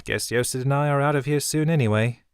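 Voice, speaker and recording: A man's voice: medium pitch, quick pace, clean tone, no room sound, studio quality, pitched above the performer's own voice, lightly acted. A man voicing a shrewd, wry young woman smuggler who talks in a chipper, blunt way.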